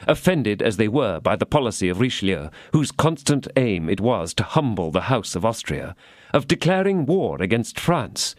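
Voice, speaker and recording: Expressive male audiobook narrator. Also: mid-range voice, no room sound, clean studio sound. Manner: steady, expressive classic-novel reading.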